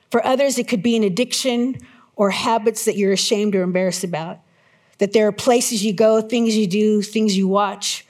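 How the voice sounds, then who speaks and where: A middle-aged woman preaching a sermon to her church, telling a personal story with lively, acted-out moments. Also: mid-range voice. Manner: animated storyteller, acts out her own panic in shouts. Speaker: pastor.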